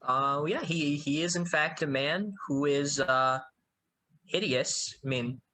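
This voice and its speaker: A man's voice: on the high side, takes it slowly, pushed and bright. A man casting a comedy sketch, hesitant and stammering with lots of fillers. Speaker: sketch writer casting the scene. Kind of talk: scripted comedy sketch banter.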